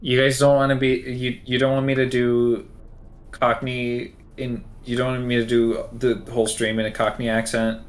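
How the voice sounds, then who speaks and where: A man's voice: mid-range voice, monotone, normal speed, smooth. A man streaming a game live, chatting casually and rambling, correcting himself as he goes.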